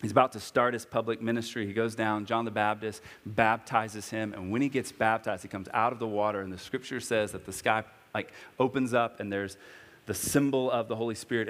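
A man in his thirties delivers a sermon in a lowish voice. He speaks earnestly and personally, and his delivery climbs into high, impassioned preaching. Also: big-room sound. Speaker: pastor.

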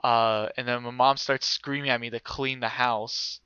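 Animated young man telling a story. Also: medium pitch, moderate pace, clear, resonant tone, dry recording, highs cut off. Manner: animated, laughing storyteller, swears a lot. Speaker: storyteller in group chat. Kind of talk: casual chat.

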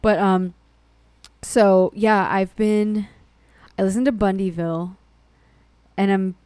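Smooth-voiced sarcastic woman co-host. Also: mid-range voice, fairly even intonation, slow pace, dark tone, no echo. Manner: sarcastic, jokey, laughs often. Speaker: podcast co-host. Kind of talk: casual chat.

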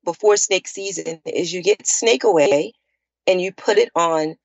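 A woman from Dallas, chatting as a guest in an expressive, sympathetic way. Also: on the low side, unhurried, vocal fry, no echo. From Dallas, Texas. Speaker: podcast guest. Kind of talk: casual chat.

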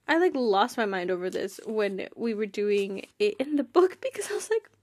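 A woman's voice: a little high, sing-song, moderate pace, few pauses, darkish tone, no echo, clean studio sound. A young woman hosting a fan podcast, chatting casually in a bubbly, giggly way with lots of fillers. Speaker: podcast host.

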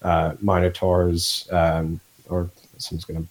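A man with a Midwestern accent speaks in a very low voice, hosting a laid-back podcast conversation. He hesitates often and fills his pauses with ums and uhs. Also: monotone. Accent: Midwestern American. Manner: hesitant, many fillers. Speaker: podcast host. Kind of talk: casual podcast chat.

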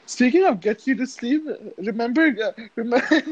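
A man's voice: very high-pitched, lively intonation, normal speed, slightly rough, lo-fi sound. Giggly man. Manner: joking, giggly, stammers and repeats words. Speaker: podcast co-host. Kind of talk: casual chat.

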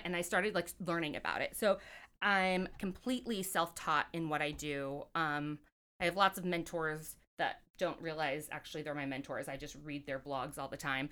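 A woman's voice: fairly low pitch, fairly even intonation, normal speed, a bit bright. A woman from California telling stories as a podcast guest, chatty and rambling with plenty of fillers. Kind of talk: casual interview storytelling.

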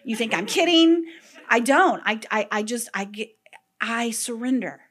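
A middle-aged woman preaches with a slightly high voice, full of animated storytelling. She drops to hushed whispers and then bursts into shouts. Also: unhurried. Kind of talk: sermon.

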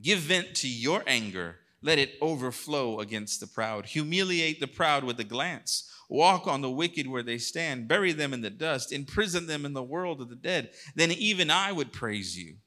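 A male pastor preaching a sermon, reading scripture aloud and acting out God's lines, moving between hushed passages and loud bursts. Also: medium pitch, lively intonation, moderate pace.

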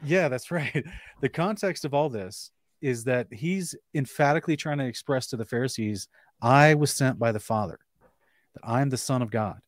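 A man hosting a casual live-streamed discussion, reading scripture aloud in between quick restarts and short chuckles. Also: mid-range voice, no room sound, studio quality. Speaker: host.

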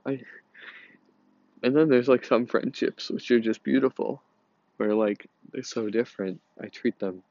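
Slow-talking angry man, sighing. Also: fairly low pitch, dry recording, dull audio. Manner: halting, repeats words, frequent sighs. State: angry and overwhelmed. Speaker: podcast host. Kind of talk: personal confessional monologue.

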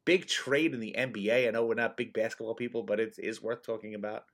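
A man hosting a casual sports chat from his bedroom at home, keeping his voice quiet and subdued. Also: fairly low pitch, fairly even intonation, fast talker. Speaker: podcast host.

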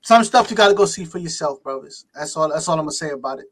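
A man joining a podcast as guest, hyped and loud, repeating phrases for emphasis. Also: on the high side, lively intonation, fast talker. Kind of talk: casual chat.

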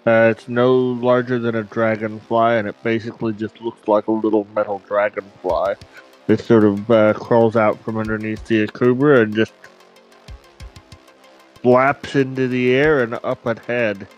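A man playing in a tabletop game who describes his character's actions in a relaxed way, with a lot of fillers. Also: on the low side, normal speed, lo-fi sound, soft background music. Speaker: player. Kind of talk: casual tabletop play.

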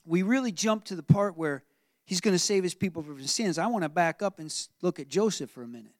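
A male pastor preaching to his congregation, his voice sitting high for a man. He tells the story with animated asides and keeps asking the room questions. The sound is dry and close. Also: brisk, dry recording. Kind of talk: sermon.

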